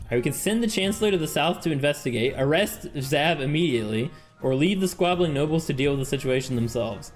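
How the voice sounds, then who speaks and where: A man streaming a strategy game, excitable and laughing as he reads the game text aloud and reacts. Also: on the high side, quick pace, hardly any pauses, faint music behind. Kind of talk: game-playing commentary.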